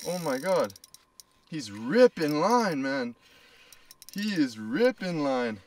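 Young male fishing vlogger in a small ice shelter. Higher voice, unhurried delivery, profane and excitable. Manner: excited swearing, shouting exclamations. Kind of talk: casual vlog narration while ice fishing.

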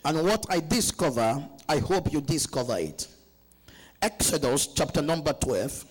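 A man preaching a sermon at a church conference, urging the congregation to answer him back and reading scripture slowly and deliberately. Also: on the high side, sing-song, breathy edge, low-quality recording. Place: church conference, captured live.

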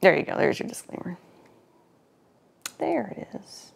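A woman's voice: on the low side, big pitch swings, measured pace, gravelly, breathy edge. A woman hosting a live painting stream, chatting casually with viewers, laughing often and greeting chat while she works. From Florida.

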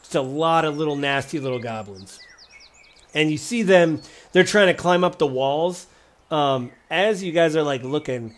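A man in a fairly high voice narrates a tabletop game as game master. His delivery is casual and rambling, full of fillers and little laughs.

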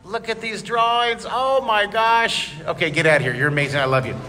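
An enthusiastic man with a high, bright voice runs a live drawing lesson for a room of kids. The sound carries a long echo from the hall around him. Faint room noise sits behind his voice. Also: brisk. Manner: enthusiastic, cheering on children. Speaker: art teacher. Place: museum room with children. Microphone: leaning close to camera. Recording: echoey hall, noisy room.

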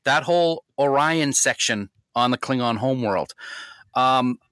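Male host, casual fan-podcast chat, enthusiastic, bright edge, dry close mic. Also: medium pitch, measured pace, smooth, no echo.

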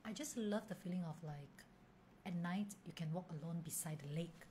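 A young woman co-hosting a casual chat, halting as she searches for words and laughing often. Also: on the low side, dark tone, a little hiss or hum. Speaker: podcast co-host.

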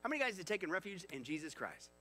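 A man preaching a sermon, animated and chatty, asking the congregation questions. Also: high-pitched, very fast, soft background music. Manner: animated, conversational with the audience. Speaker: pastor.

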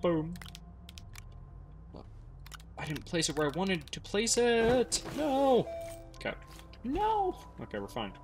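A young man commentating his own gameplay, thinking aloud, swearing and getting excited. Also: a little high, a little slow, long pauses, faint music behind. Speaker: gaming streamer.

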